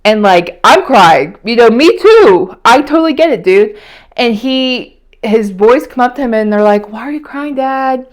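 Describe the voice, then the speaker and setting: A woman's voice: a little high, expressive, measured pace. A young woman chatting casually in a weekly vlog, rambling and emotional, with many fillers. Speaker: vlogger. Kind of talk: casual weekly catch-up chat.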